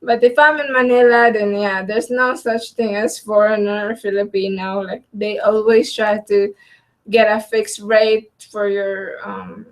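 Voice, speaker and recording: Slow-talking woman in casual chat. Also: mid-range voice, steady tone, poor audio. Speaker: co-host, partner.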